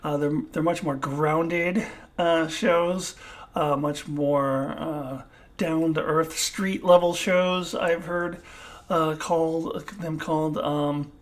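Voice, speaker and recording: A woman giving an unscripted TV review alone, halting often to search for words and laughing at herself. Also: sits low, steady tone. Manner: self-deprecating, laughs at herself.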